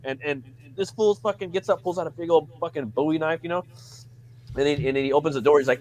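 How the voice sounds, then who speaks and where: A man's voice: fairly high pitch, quick pace, darkish tone, a little hiss or hum. A man co-hosting a casual movie podcast, telling stories in a rambling, profane way. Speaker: podcast co-host. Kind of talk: casual chat.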